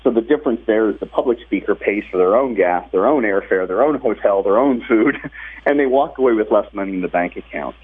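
A talkative man is being interviewed over a tinny phone line. His voice is husky and rough, and sits fairly low. He explains his ideas energetically and restarts sentences as he goes. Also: fairly quick. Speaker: guest, professional speaker and author.

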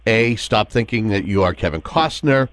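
A male interview host who halts often between words as he introduces each topic. His pitch moves about in a lively way. The recording is dry and close, with no room sound. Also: dry recording. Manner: halting, with many "uh"s and repeated words. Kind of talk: interviewing an author.

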